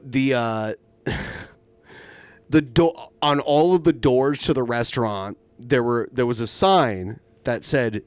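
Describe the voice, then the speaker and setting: A man's voice: medium pitch, no echo. Laid-back male podcast co-host. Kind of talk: casual chat.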